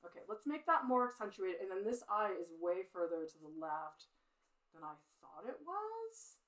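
Drawing live on stream, a middle-aged woman who teaches art narrates her work with chatty self-criticism, laughing whenever she slips up. Her medium-pitched, slightly bright voice is very animated, rising and falling widely at a moderate pace, in a rough recording.

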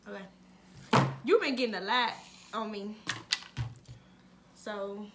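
A woman's voice: medium pitch, takes it slowly, over loud music. A woman chatting playfully in slangy casual talk while playing a guessing game, laughing often. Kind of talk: casual chat.

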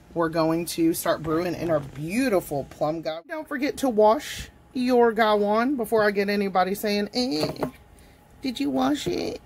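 A woman's voice: mid-range voice, slight background noise. A woman chatting casually at her home desk in a tea review vlog, gushing and talking straight to her viewers. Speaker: tea vlogger.

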